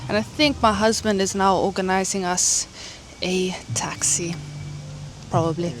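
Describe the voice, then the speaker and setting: A woman's voice: medium pitch, a little fast, slight background noise. A woman chatting casually to camera in a travel vlog, rambling with lots of fillers, filmed on a handheld phone. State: hiccuping. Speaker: travel vlogger. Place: city streets and hotel lobby.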